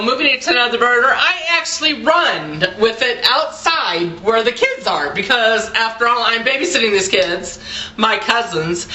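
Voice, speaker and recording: A woman in her forties telling a personal story to the camera in a chatty, animated way, talking straight to her viewers. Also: fairly high pitch, rough recording. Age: 40s. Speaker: vlogger.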